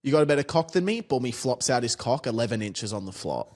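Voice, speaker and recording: A man's voice: medium pitch, big pitch swings, fast talker, a little mellow, pitched below the performer's own voice. A man playing a brash, taunting male parking inspector in a comedy skit, crude and swaggering. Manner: swaggering, crude, calls people mate.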